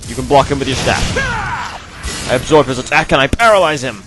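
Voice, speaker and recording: A man's voice: mid-range voice, animated, brisk, over music. A man hosting a video game let's play, talking through it in a chatty, rambling, self-mocking way. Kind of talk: casual gameplay commentary.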